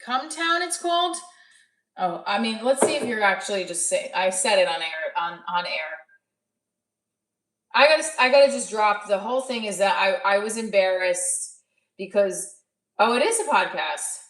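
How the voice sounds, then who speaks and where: Woman comic host, bright voice, rambling jokey delivery, roomy echo, a bit off-mic. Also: medium pitch, animated, moderate pace. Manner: rambling, self-interrupting, jokey. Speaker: comedian hosting a livestream. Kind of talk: casual chat with live chat. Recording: echoey room, voice a bit far from mic.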